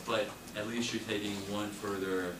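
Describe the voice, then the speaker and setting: A man's voice: lowish voice, little pitch movement, normal speed. A man teaching a real estate sales class, emphatic and repeating his key points as he coaches. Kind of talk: classroom training talk. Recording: echoey room, mic far off, noisy.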